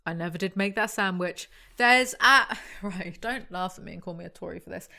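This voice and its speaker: A woman's voice: on the low side, normal speed, creaky, pushed and bright. A young British woman who makes videos, reading a novel aloud and breaking off for sarcastic, self-mocking asides. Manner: sarcastic, wry and self-mocking, laughs often. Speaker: YouTuber.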